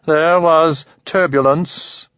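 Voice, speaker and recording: A man voicing a calm alien creature that speaks slowly in oddly formal phrasing. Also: a little high, smooth, no echo, lo-fi sound, voice pushed up. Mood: detached. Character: slow calm alien creature, male-voiced.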